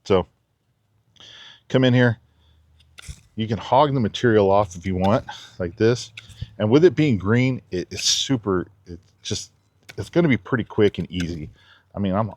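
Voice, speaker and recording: Laid-back low-voiced man demoing a knife. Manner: chatty, laid-back, giggly asides. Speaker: knife reviewer. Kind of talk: casual outdoor demo talk. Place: backyard outdoors.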